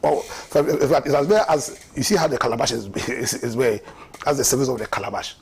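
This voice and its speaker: A man's voice: medium pitch, brisk, vocal fry. A man with a Ghanaian accent giving impassioned, mocking political commentary on a talk show, often repeating words for emphasis. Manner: impassioned, mocking, repeats words and laughs at his own jabs.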